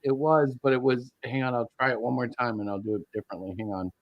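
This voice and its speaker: A man's voice: mid-range voice, steady tone, highs cut off. A man hosting a live stream, chatting casually and rambling as he fiddles with his setup. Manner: rambling, halting, laughs while fiddling with tech. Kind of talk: casual chat.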